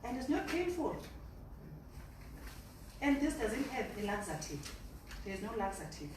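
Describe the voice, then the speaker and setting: Animated woman in an echoey hall. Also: fairly high pitch, a little slow, far from the mic, noisy background. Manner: animated storyteller, mixing in local words. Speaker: product distributor giving a testimony. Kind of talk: lively testimony at a business meeting. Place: large echoey meeting hall.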